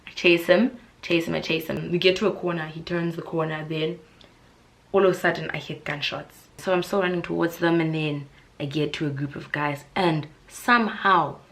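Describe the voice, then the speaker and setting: Lively South African woman telling a storytime. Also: normal speed. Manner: animated, dramatic retelling that jumps into shrill, high voices for quoted people; drops into hushed whispers when telling suspense. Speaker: YouTuber. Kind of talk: casual storytime.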